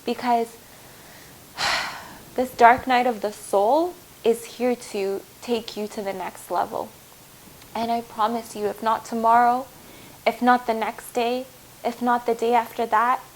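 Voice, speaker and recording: Earnest higher-voiced woman tarot reader. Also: steady tone, measured pace, slight background noise, poor audio. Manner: earnest, emotional, reassuring, addresses viewers as "my loves". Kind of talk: spiritual collective reading.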